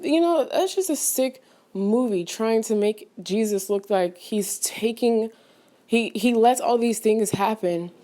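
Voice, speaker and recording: A woman's voice: on the high side, measured pace, mellow. A woman giving a casual, rambling spoken film review as a vlogger, full of fillers and restarts and sudden outraged exclamations, pacing back and forth as she talks. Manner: paces back and forth while talking.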